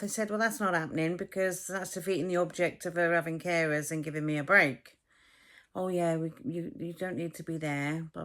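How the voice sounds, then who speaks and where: A middle-aged Englishwoman, chatting to her phone camera in a blunt, swearing, casual vlog. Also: lowish voice. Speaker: vlogger.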